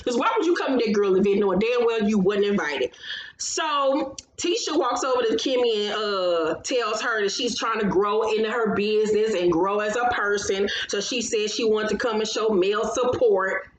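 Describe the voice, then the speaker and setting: A woman's voice: a little high, lively intonation, normal speed. A woman hosting a casual reality show recap, talking in a blunt, profane, gossipy way. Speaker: host of a reality TV recap channel. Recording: roomy echo.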